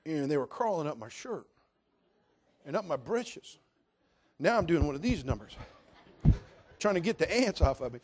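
A male preacher tells a personal story from the pulpit. His voice sits a little high for a man. He swings from loud, worked-up bursts to hushed, confiding prayer. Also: moderate pace, pauses often. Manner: animated storytelling, swinging from loud outbursts to quiet prayerful asides. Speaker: pastor.

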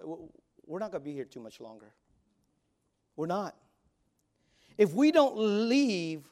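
Preaching man in his forties, higher voice. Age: 40s. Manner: swings between loud exhortation and quiet asides, stammers and repeats. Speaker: youth pastor. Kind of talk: sermon.

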